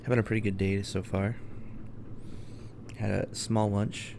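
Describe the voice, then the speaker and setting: Laid-back, chatty male game streamer, low and gravelly. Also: level tone, a little slow, background noise. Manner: easygoing, chatty, hums to himself. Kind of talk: casual gameplay chat. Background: music.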